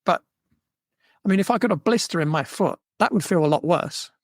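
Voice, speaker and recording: A man hosts a podcast, his voice a touch higher than most men's and recorded close and dry. He talks in an easy, relaxed way and keeps backing up his guest with quick yeahs, and he slips into his own stories along the way. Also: no room sound. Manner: relaxed, affirming with frequent yeahs and mms. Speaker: podcast host. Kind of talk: podcast conversation.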